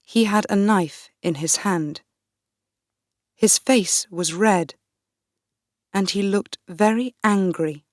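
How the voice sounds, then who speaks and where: A woman narrating a graded reader audiobook in the first person, reading slowly and clearly. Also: mid-range voice, no room sound, clean studio sound. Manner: slow, clear, deliberate reading.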